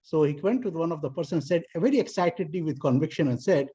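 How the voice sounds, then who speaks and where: Husky man giving a club speech. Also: fast, hardly any pauses. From South Asia. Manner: animated storyteller, voices characters in higher pitch. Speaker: area director giving a club address. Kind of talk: formal speech with a told story. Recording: dull lo-fi video call audio.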